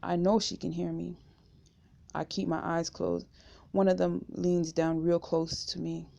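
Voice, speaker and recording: A woman reading a memoir aloud in first person, steady and unhurried, on a dull lo-fi home recording. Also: on the low side, gravelly. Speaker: audiobook reader.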